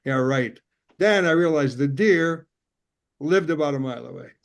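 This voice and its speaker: Brief: man, 60s, from Chicago, deadpan stand-up comic, slightly higher voice, video-call sound. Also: moderate pace. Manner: rambling deadpan jokes, puts on character voices. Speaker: stand-up comedian. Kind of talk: stand-up set.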